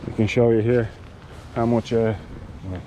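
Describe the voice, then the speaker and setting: A man giving a casual product demonstration of cycling gear, talking in a halting way with many fillers and restarts. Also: medium pitch, fairly even intonation, warm tone, a little hiss or hum, low-quality recording.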